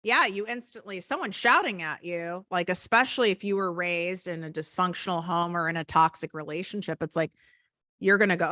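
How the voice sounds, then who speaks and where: A middle-aged woman business coach speaking as a podcast guest, earnest and animated, often acting out the voices in her head. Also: fairly low pitch, brisk, dry recording, clean studio sound. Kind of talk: conversational interview.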